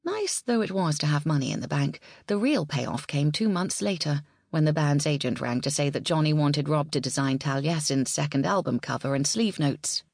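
Low-voiced woman narrating. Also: animated, moderate pace, creaky, few pauses, a little mellow, dry recording, clean studio sound. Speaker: audiobook narrator. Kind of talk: scripted narration.

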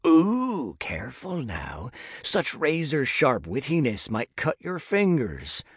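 A man's voice: medium pitch, huge pitch swings, takes it slowly, breathy edge, dry recording, clean studio sound, voice pushed up, heavily acted. A man voicing an arrogant young male lich in an audiobook, sneering and taunting theatrically. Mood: scornful. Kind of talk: audiobook character voice.

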